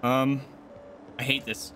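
A man's voice: medium pitch, level tone, slow pace, sharp tone, faint music behind. A man streaming a horror game, muttering and swearing as he panics. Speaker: gaming streamer. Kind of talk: live gameplay reactions.

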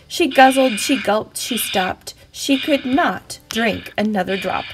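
A woman's voice: mid-range voice, slow, few pauses, faint music behind. A woman reading a picture book aloud to children in a playful, rhythmic, sing-song way. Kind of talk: expressive children's story read-aloud.

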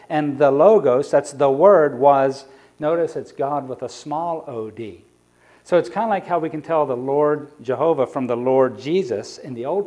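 A man's voice: medium pitch, dark tone. A man preaching a sermon as an evangelist, explaining scripture and asking the congregation rhetorical questions.

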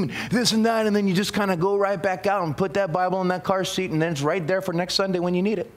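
A man's voice: high-pitched, brisk, a bit bright. A man preaching a sermon to his congregation in a church, emphatic and folksy, repeating his key phrases for effect. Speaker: pastor. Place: church sanctuary.

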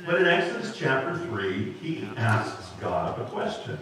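A man's voice: mid-range voice, sing-song, unhurried, crowd noise. A male pastor giving a sermon in a folksy way, acting out quoted lines with humor. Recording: echoey hall, mic far off.

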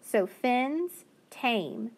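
A woman's voice: fairly high pitch, animated. A woman teacher giving a phonics lesson to young children, patiently sounding out each word. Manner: slow, patient, sounding out words.

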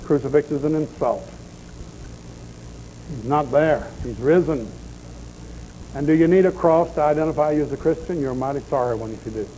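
A man's voice: fairly high pitch, moderate pace, pauses often, dark tone, poor audio. A man preaching a deliverance sermon in a folksy, blunt storytelling manner, with faint noise in the background.

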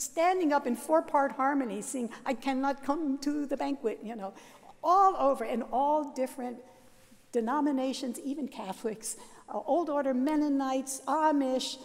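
An older Catholic sister telling her life story at a worship service, lively and self-mocking, laughing often. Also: sits high, in a large hall. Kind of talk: storytelling talk. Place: large seminary chapel.

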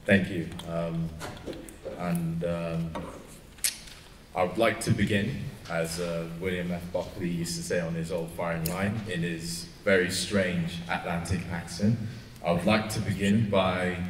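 A man giving a panel talk in a lecture hall, pausing often with fillers and restarts, heard from a distance. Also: low-pitched, a little hiss or hum. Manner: hesitant, many fillers and restarts. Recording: echoey hall, heard from afar.

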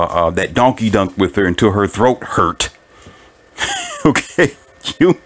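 A man giving relationship advice in a casual monologue to listeners, preachy and animated, often laughing at his own points and piling up rhetorical questions. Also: fairly low pitch.

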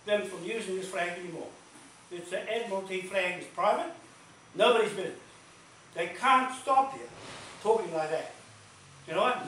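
A man's voice: high-pitched, a bit bright. A man telling stories at a community meeting, emphatic and repetitive, laughing between points. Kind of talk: animated storytelling talk. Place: large meeting hall. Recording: echoey room from far off, faint noise.

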